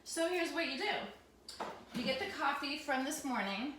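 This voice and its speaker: A middle-aged woman, a teacher, chatting in a home vlog in her loud teacher voice, teasing and friendly. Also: high voice, expressive, unhurried, recorded from a distance, a little hiss or hum. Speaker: teacher and vlogger. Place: home kitchen. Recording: echoey room, voice somewhat off mic.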